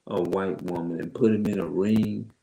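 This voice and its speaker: A man with a heavy, loud voice reads Bible verses slowly and emphatically, stopping to explain them in his own words as an online religious teacher. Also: deep voice, steady tone, vocal fry, reverberant, rough recording. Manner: slow, emphatic, repeats himself. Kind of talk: Bible reading with loose commentary.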